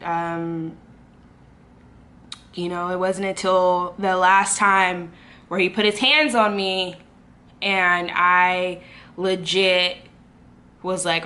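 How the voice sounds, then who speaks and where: A young woman talking through a personal story in a casual vlog, candid and unpolished, full of fillers and restarts. Her voice is bright and sits at an ordinary pitch. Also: measured pace. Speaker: vlogger.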